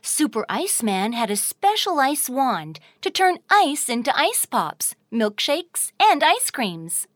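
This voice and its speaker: A woman narrates a children's audio story in a sing-song, expressive manner. Her voice sits high and moves in lively, wide swings of pitch, and she paces her words slowly and deliberately, recorded dry and close. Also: dry recording.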